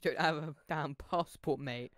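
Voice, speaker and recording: A gamer giving casual gameplay commentary, muttering to themself and talking back to the characters on screen, playful and quick to laugh. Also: mid-range voice, dry recording, clean studio sound. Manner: mutters to self, talks to game characters; playful, laughs and hums along. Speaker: let's play gamer.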